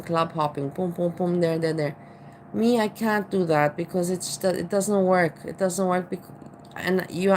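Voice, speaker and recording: A woman's voice: fairly low pitch, a little hiss or hum, poor audio. Woman with an Austrian accent, rambling chat. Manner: rambling, with many restarts and repeated "you know". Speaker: vlogger. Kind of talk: casual chat.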